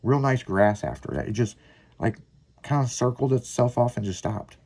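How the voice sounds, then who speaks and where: A man hosting a podcast, telling a long story in casual, profanity-laced chat with lively, rambling delivery. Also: medium pitch, moderate pace, creaky. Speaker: podcast host.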